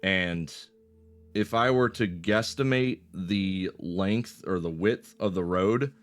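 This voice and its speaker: A man's voice: sits low, slow pace. A man in his twenties casually telling a personal story, swearing often and rambling with fillers. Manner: swears a lot, loose rambling delivery with fillers.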